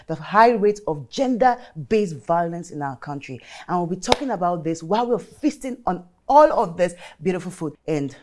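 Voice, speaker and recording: A woman hosting a casual talk show, animated and emotional, speaking dramatically. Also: on the low side. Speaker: host.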